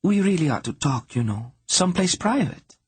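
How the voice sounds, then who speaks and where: A man's voice: sits high, lively intonation, normal speed, husky, no room sound, pitched above the performer's own voice, heavily acted. A man voicing a spoiled, headstrong young princess who coaxes sweetly in an audiobook. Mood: coy. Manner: coaxing, wheedling sweetness. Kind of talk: audiobook character voice.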